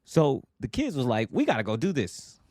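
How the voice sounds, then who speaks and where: A middle-aged man hosting a podcast, telling a family story in a casual, animated way and acting out what people said. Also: normal speed, dry recording, clean studio sound. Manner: animated, acts out quotes with big pitch jumps. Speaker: podcast host.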